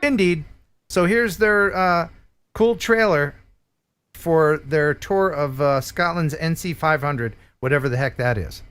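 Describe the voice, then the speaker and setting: A man's voice: a little slow, a bit bright, smooth. Chatty, upbeat male livestream host. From United States. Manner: chatty, joking, enthusiastic pitchman. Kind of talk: casual livestream chat and sponsor reads.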